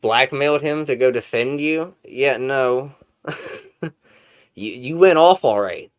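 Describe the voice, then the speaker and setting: Guy with a smooth clear voice doing stream commentary, dry and sarcastic. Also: medium pitch, slow pace. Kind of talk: reaction commentary.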